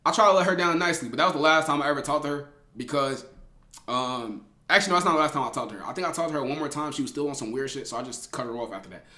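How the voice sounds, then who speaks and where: Young male streamer, a bit high, animated slangy storyteller, echoey room. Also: rapid-fire. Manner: animated, slangy, laughs often, swings between loud and hushed. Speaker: streamer telling a story to live chat. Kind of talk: casual storytime to chat. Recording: roomy echo.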